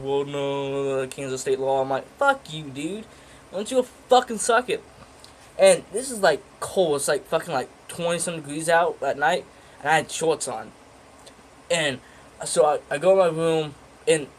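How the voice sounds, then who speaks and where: A man's voice: mid-range voice, a little hiss or hum, rough recording. A teenage guy casually telling a story in a rambling, profane way, full of fillers and restarts. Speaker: vlogger.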